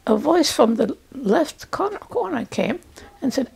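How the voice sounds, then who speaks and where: A woman in her eighties telling her own life story as personal testimony, speaking in a halting, reflective way with pauses and restarts. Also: high-pitched, sing-song, gravelly, darkish tone, poor audio. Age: 80s. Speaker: Holocaust survivor recounting her experience.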